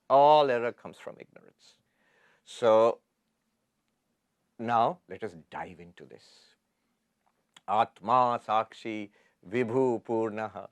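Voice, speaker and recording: A man, a monk giving a spiritual lecture, chanting Sanskrit verses slowly and then explaining them with lively asides. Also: medium pitch, clear, resonant tone, no echo.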